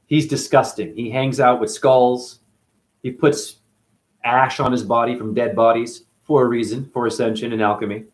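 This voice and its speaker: A man's voice: mid-range voice, steady tone, moderate pace, pitched below the performer's own voice, close to an everyday voice. A man voicing a dismissive, harsh royal father who talks down in a drawl. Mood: scornful.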